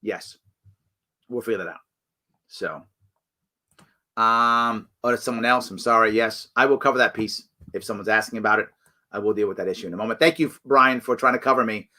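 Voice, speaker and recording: Brisk but pausing often, a man hosting a live ask-me-anything stream answers chat questions casually and animatedly. He frequently restarts and self-corrects, and his pitch shoots up when he acts out others' voices.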